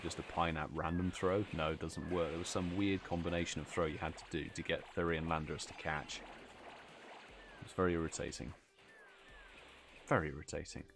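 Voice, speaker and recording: British male streamer, deep voice, tired, laid-back chat to viewers. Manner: chatty, reads out chat messages, yawns and laughs. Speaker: livestream host. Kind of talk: casual live stream chat.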